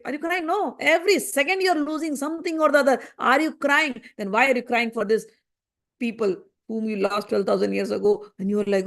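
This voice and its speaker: High-voiced woman teaching through questions. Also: brisk. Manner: pressing rhetorical questions, repeating phrases for emphasis. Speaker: scripture teacher. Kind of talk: spoken commentary on a spiritual text.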